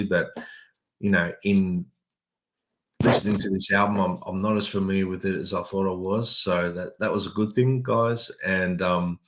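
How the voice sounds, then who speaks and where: Deep, flat-voiced male podcaster. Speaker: podcast co-host. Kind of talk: casual music review chat. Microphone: video call.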